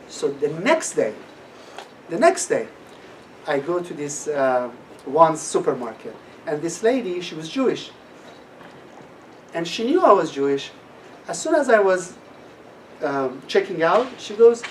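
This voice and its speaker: A man's voice: on the high side, sing-song, a little slow, pauses often. A middle-aged man gives a personal testimony talk at a class, telling his story with animation and acting out the voices of people he quotes. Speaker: guest speaker at a class. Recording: distant mic with faint room noise.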